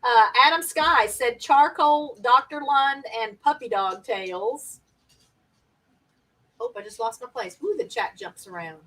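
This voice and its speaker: A woman's voice: on the high side, measured pace, a bit bright, distant mic, rough recording. A woman hosting a casual live-stream party game, chatty and laughing often as she reads out viewer comments.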